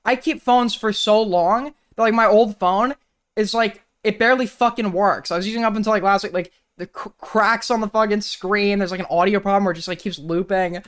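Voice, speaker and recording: A man's voice: high voice, brisk, a bit bright, clean tone. A man streaming and reacting to clips, talking in a sarcastic, rambling, profane way. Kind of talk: casual stream commentary.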